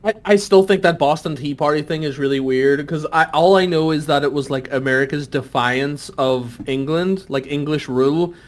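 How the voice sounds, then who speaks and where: A young Irish man chatting casually on a podcast, animated and swearing freely. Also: a little high, normal speed, few pauses. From Ireland. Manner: animated, swears freely, jumps into exaggerated voices. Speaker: podcast guest.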